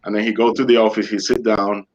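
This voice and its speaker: Male guest, storyteller in non-native English, animated, slips into the voices of the people in his story. Dull, lo-fi remote-call sound. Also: on the low side, fast talker. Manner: animated, acts out dialogue in other voices. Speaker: interview guest. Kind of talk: personal storytelling. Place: remote online interview.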